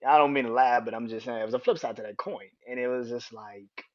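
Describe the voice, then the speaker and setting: A man's voice: medium pitch, quick pace. A young man hosting a solo podcast, talking casually in a rambling way with frequent restarts and free swearing. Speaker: podcast host. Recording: dull lo-fi sound.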